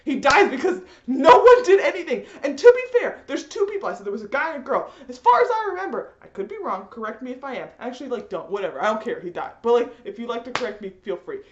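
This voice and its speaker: A woman ranting in a rambling, animated way, full of fillers, in a roomy, slightly dull recording. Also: on the high side, quick pace, hardly any pauses, slight background noise. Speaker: vlogger. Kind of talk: ranting commentary.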